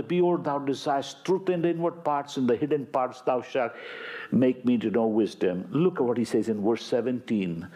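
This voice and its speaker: A man's voice: mid-range voice, dark tone. A man pastor preaching a sermon, reading psalms aloud with rising, fervent emphasis.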